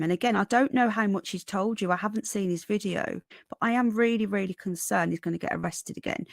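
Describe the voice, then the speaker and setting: Woman, Northern English accent, gravelly edge, dry close sound, tired livestream host reading chat. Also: medium pitch, no room sound. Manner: greets viewers by name while reading chat; calls viewers darling and sweetheart.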